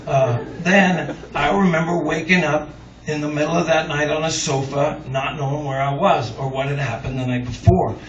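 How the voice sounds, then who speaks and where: Male singer-songwriter, slightly high voice, loose self-mocking stage storyteller; taped far off in a roomy club, dull sound. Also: steady tone, moderate pace. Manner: rambling, self-mocking, chuckling through the telling. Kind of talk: live onstage storytelling. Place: live music club on stage. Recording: roomy, dull, distant audience recording. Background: audience laughter and crowd noise.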